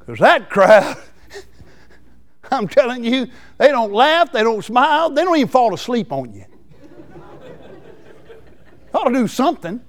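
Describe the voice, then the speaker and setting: A man preaching a folksy, excitable sermon. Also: extremely high pitch, moderate pace. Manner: excitable, folksy, laughs between lines.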